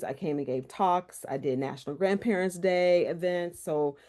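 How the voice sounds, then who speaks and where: A woman's voice: on the low side, moderate pace, darkish tone. A woman researcher presenting a workshop talk over a video call and answering questions in an earnest, conversational way. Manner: earnest, conversational, some restarts.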